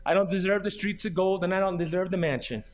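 A man's voice: high voice, quick pace. A man, a pastor, preaching a sermon in an earnest way, reading scripture aloud and pressing his points with repeated questions. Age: adult, grew up and did junior high marching band.

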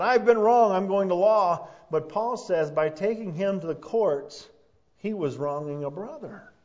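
A man preaching a sermon as pastor, earnest, rising to emphatic peaks and then dropping soft. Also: a little high. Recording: dull lo-fi sound.

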